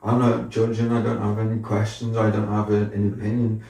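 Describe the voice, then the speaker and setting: A young man from the Isle of Man, a podcast guest, telling stories in casual, sweary, animated chat. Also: on the low side, brisk, vocal fry. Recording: echoey room, distant mic.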